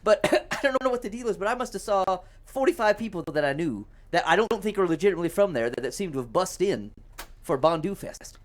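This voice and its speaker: A man's voice: high voice, expressive. A man hosting a podcast in a small studio, joking through a quiz game in casual chat. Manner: fast, joking, laughs often. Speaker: podcast host.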